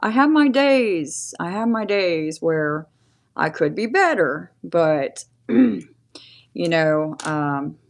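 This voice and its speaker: A woman in her forties talks through a live tarot reading in a relaxed, chatty way. Her voice sits a little low, and she laughs often and pauses to thank her viewers. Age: 40s. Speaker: tarot reader.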